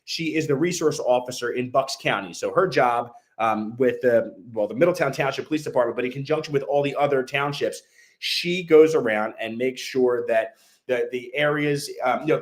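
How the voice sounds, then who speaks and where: A man from the Philadelphia area hosting a podcast in a studio, talking fast with many fillers and restarts. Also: mid-range voice. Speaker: brokerage owner and podcast host. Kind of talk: casual podcast chat.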